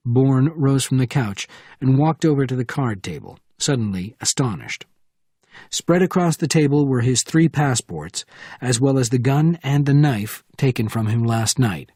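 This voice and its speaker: A man giving steady scripted narration of a thriller audiobook. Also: mid-range voice, normal speed, breathy edge, no echo, studio quality.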